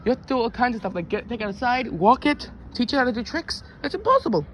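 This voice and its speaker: Nagging caretaker puppet, lively swinging pitch, faint outdoor noise, performer voiced. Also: quick pace. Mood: lecturing. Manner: nagging and exasperated. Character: fussy worried caretaker puppet. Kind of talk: puppet comedy skit.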